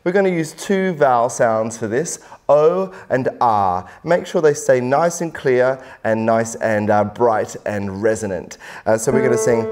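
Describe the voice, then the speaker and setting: A man working as a vocal coach, calmly explaining and demonstrating a singing warm-up in an instructional lesson. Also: medium pitch, moderate pace, few pauses, music in the background. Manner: calm, encouraging explanations with sung demonstrations.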